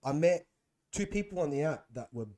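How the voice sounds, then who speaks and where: A young man, a guest on a podcast, telling animated stories in slangy casual chat. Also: on the high side, fairly quick. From Australia. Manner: animated storytelling, slangy, says bro and man.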